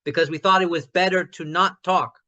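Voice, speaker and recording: A man talking through an idea in a casual online discussion, his voice bright and forceful and pitched a little high. He restarts often as he thinks aloud and grows loud when an idea excites him. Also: normal speed, dull audio. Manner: gets loud when passionate about ideas. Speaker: discussion participant.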